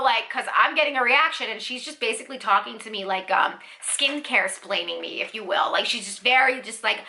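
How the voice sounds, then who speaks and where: High, bright-voiced woman ranting animatedly. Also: normal speed. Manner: animated, indignant, lots of fillers like "like" and "you know". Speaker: beauty vlogger. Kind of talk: casual storytime rant.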